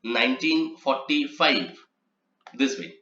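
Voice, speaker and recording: A man's voice: medium pitch, slow, pushed and bright, a little hiss or hum. A man gives an instructional lecture on transcription rules, explaining patiently and spelling out each example. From India. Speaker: transcription trainer. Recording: echoey, slightly muffled room recording.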